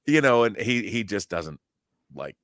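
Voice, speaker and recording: Male guest commentator, chatty and animated, stammers through restarts and laughs a lot. Dry, close sound. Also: lowish voice, a little slow, no room sound. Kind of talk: casual chat about movies and comics.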